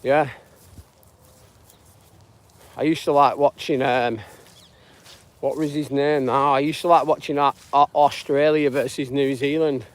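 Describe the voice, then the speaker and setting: A man's voice: medium pitch, fairly even intonation, unhurried, pauses often. A man from northwest England with a northern English accent, chatting casually and rambling as he hosts a live stream on a dog walk outdoors. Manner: rambling and chatty, greets viewers by name. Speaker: live-streaming channel host.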